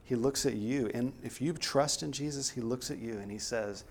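A man's voice: medium pitch, moderate pace, hardly any pauses, a little hiss or hum. A man preaching a sermon in an earnest, emphatic way, pressing hard on key words.

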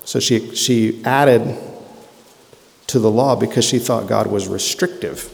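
A man preaching a sermon in a conversational way, with quick asides and emphatic rhetorical questions. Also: mid-range voice, creaky. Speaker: pastor. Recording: long hall reverb.

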